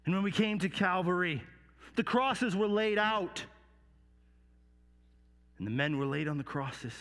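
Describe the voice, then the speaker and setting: A man's voice: high-pitched, animated, long reverb tail. A man narrating as a remorseful Roman soldier. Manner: storytelling with hushed dips and halting repeats. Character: remorseful Roman soldier telling his story. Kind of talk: dramatic first-person monologue.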